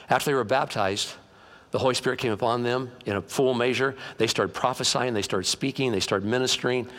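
A male pastor preaching a conversational sermon in a church, animated and folksy, joking and acting out quotes. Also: mid-range voice.

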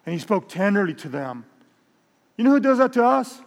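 A man preaching to a large congregation, animated and storytelling, often stumbling over repeated words. His voice sits a little high for a man. The long reverb of a big church hall trails behind every phrase. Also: fairly quick, gravelly. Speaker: pastor. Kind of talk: sermon.

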